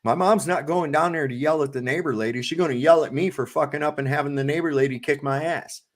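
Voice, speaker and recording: Middle-aged guy ranting on a podcast, cussing a lot, kinda high voice. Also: fast. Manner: blunt, profane, ranting storyteller. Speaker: podcast co-host. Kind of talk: casual profane storytelling chat.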